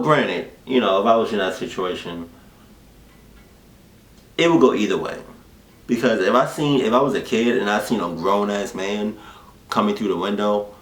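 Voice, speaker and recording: A man's voice: on the low side, normal speed, pauses often. A man hosting a reaction video, rambling casually and profanely with many restarts. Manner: rambling, profane, full of restarts and repeated words. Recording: echoey room with faint room noise.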